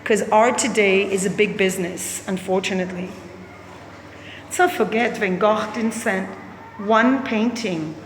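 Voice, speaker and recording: A woman's voice: mid-range voice, unhurried. A blunt, opinionated woman gives a sarcastic walkthrough of an art exhibit, swearing freely as she judges the work. Her voice carries around a roomy gallery with a long reverb tail. A faint background hum sits underneath. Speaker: gallery visitor. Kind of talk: candid spoken gallery walkthrough.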